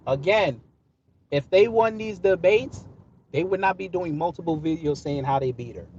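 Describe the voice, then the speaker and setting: A man's voice: a little high, moderate pace, a little mellow. A man live-streaming from his car, answering his chat in a combative, sarcastic, mocking way. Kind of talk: live-stream commentary while driving. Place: inside a moving car. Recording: lo-fi phone audio with road noise.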